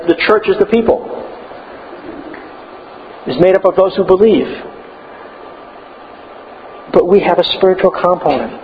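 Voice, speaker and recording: A man preaching a sermon, emphatic and building to loud declarations. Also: high-pitched, in a large hall, dull audio, slight background noise.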